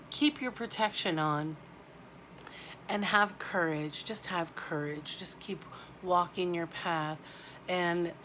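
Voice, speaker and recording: Slow, heartfelt woman reading oracle cards. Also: on the low side, a bit bright, slight background noise. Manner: slow, halting, heartfelt, spiritual. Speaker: oracle card reader. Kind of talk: intuitive card reading to camera.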